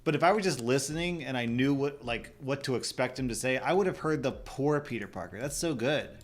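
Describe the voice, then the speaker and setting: A man's voice: mid-range voice, expressive. Joking male reaction host. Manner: joking, quick asides. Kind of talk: comedic reaction commentary.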